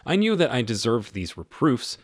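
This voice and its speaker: A man reading aloud, in first person, the letters of a devout, suffering young woman mystic, in a solemn, low voice. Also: big pitch swings, moderate pace, no room sound, studio quality.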